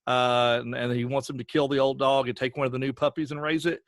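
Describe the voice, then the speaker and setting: A man with an Appalachian accent, a podcast creator and guest, chatting in an animated storytelling way. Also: medium pitch, fast talker, dry recording, clean studio sound. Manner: animated storyteller, does voices. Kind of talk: casual interview chat.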